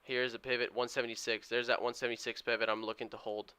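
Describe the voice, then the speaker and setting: A man's voice: mid-range voice, flat delivery, fast, sharp tone, clear, resonant tone. A man streaming his day trading live, giving a running play-by-play and urging the price moves on to his viewers. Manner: eager, urges price moves on.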